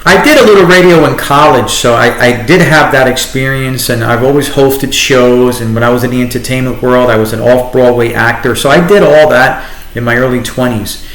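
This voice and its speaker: A middle-aged man with a New York accent, telling his story as a guest in a conversational interview, animated and restarting often. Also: mid-range voice, fairly quick, hardly any pauses. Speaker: guest, entrepreneur and radio host. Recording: echoey room.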